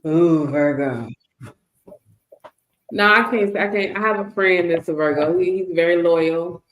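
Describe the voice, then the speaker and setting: A woman in casual chat, relaxed and agreeable, chiming in. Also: on the low side, measured pace, lo-fi sound. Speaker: co-host. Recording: echoey room with faint noise.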